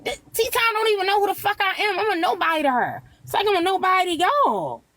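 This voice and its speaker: A woman's voice: very high voice, expressive, fast, fairly bright tone. A woman with a Baltimore accent, swearing and ranting defensively as a guest on a livestream panel. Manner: profane, defensive, rambling. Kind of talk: heated livestream chat.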